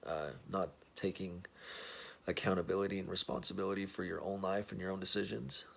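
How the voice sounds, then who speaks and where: Man, twenties, gravelly, husky, blunt, profane, rambling. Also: deep voice, fairly even intonation, a little fast, a bit bright. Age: 20s. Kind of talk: casual straight-talk monologue.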